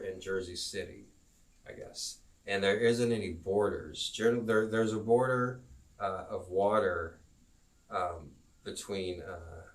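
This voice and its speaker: A man teaching a live-streamed geography lesson, rambling and halting, with self-promoting asides. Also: deep voice, far from the mic.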